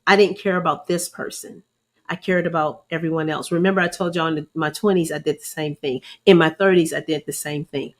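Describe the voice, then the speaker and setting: A woman's voice: low-pitched, steady tone, brisk. Earnest preacherly woman sharing testimony. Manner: earnest, preacherly, addresses listeners as y'all. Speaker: host. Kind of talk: faith-based personal testimony.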